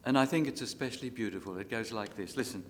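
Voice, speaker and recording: An older man with an Australian accent preaching a sermon, swelling loud for scripture and dropping soft for asides. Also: lowish voice, long reverb tail, a little hiss or hum. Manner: dramatic rises and drops in loudness, slows for scripture. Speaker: pastor.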